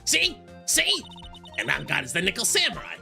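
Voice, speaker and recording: A man doing a shrill, stubborn old woman who bosses everyone around in a game playthrough. Her voice is crackly and gravelly and piercingly bright. It leaps high and dips low as she scolds. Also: wildly swooping pitch, normal speed, soft background music, full character voice. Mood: gloating. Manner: bossy and indignant, snapping at people.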